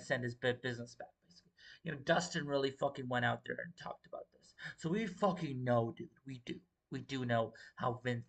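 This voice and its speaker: Young male livestream host, loose and profane, rambling commentary, mid-pitched voice. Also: gravelly, a bit bright. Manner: profane, rambling, repeats filler words. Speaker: wrestling show host.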